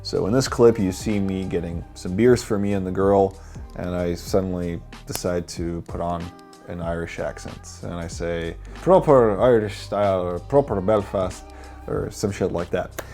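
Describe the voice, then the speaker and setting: A man's voice: deep voice, steady tone, normal speed, vocal fry, dark tone, soft background music. A man explaining techniques in a confident, blunt instructional voice-over, swearing casually. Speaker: dating coach.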